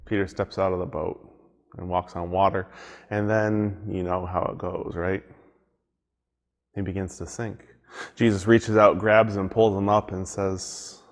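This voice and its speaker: A man as pastor giving a devotional sermon, reflective and conversational, repeating phrases for emphasis. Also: deep voice.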